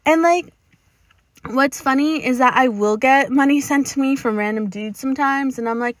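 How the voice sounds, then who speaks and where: A young woman records a solo podcast episode from inside her car. Her voice sits a little high, and she talks bluntly, swears freely and laughs often. The sound is dry and close, with no room echo. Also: fairly even intonation, moderate pace. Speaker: podcast host.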